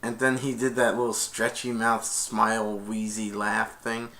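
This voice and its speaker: A man's voice: fairly low pitch, monotone, measured pace, pushed and bright. A man casually retelling a film's plot, rambling and stringing events together with repeated "and then". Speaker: film reviewer.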